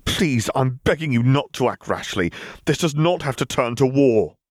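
A strained young woman sheriff holding her temper, her voice pitched up and pleading, as a man reads her in a storybook. Her lines come tight and controlled, the recording dry and close. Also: animated, moderate pace, no echo, lightly acted. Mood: urgent. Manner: tense, pleading, through a clenched jaw. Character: young female sheriff, composed but strained.

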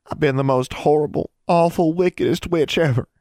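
A man voicing an excitable young girl who speaks in breathless, emphatic bursts. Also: a little high, moderate pace, no room sound, studio quality, pitched above the performer's own voice. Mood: exclaiming.

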